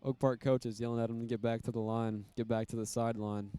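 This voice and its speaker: A man calling a high school football game, casual and rambling, with many fillers. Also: level tone, fast talker, mellow, clear, resonant tone. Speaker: play-by-play commentator.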